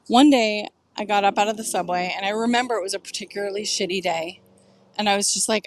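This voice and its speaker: A woman's voice: medium pitch, fast talker. A middle-aged woman telling a personal story to camera, candid and emotional, swearing freely and filling her talk with "like".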